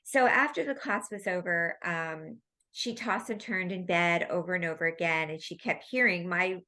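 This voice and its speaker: A woman with a bright, forceful voice and a slightly low pitch tells stories as an interview guest. Her talk is casual and rambling, with many asides. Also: moderate pace. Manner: animated, rambling storytelling. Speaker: guest, medical intuitive medium.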